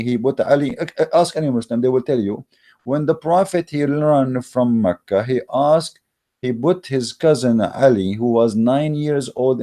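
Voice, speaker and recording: A man's voice: medium pitch, dark tone. A man hosting his channel with a religious debate monologue, speaking in an emphatic, mocking way with frequent hesitations. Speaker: channel host. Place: Germany.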